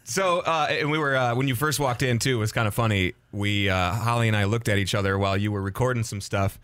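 A man's voice: lowish voice, quick pace, a bit bright, clean tone, no room sound. A man hosting a casual radio interview in a studio. He is playful and rambling and laughs often. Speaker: radio show host.

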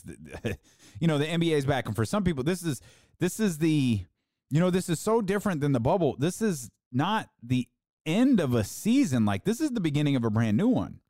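A man's voice: mid-range voice, a little mellow, dry recording, clean studio sound. A man hosting a sports podcast, ranting casually and mocking fans in a raised voice.

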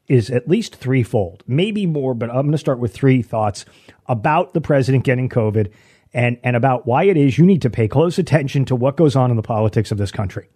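A man's voice: medium pitch, mellow. Ranting male commentator. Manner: ranting, restarts often, sarcastic. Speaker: host. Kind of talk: political commentary show.

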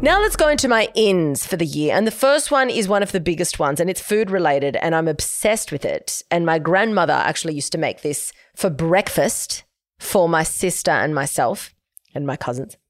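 A woman's voice: low-pitched, lively intonation, moderate pace, no room sound, studio quality. A young adult woman hosting a casual solo podcast, chatty and emphatic as she gives advice. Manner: chatty, emphatic, giving advice with quoted asides. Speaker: podcast host.

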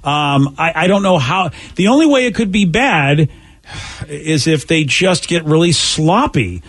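Male radio host, husky and a touch high, loose rambling studio banter. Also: expressive, unhurried, a bit bright. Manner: rambling, self-correcting.

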